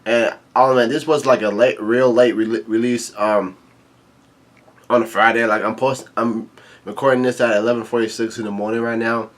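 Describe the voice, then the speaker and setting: A man's voice: medium pitch, fairly even intonation. A man with a mid-range voice talks through a comic chapter in an easy, chatty way. He stumbles along with frequent ums and uhs and often restarts his sentences. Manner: halting, full of uh and um and restarts; laid-back, chatty. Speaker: YouTube manga reviewer. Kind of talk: casual chapter read-through commentary.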